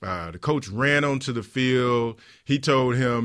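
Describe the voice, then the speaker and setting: A man hosting a leadership podcast, telling stories in an animated way with frequent laughs. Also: medium pitch, unhurried, smooth, no room sound, studio quality. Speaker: podcast host; former pro football player. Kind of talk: podcast conversation.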